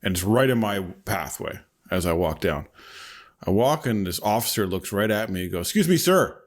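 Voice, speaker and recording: Low-voiced laid-back podcast co-host. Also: male voice, normal speed. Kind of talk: casual storytelling chat.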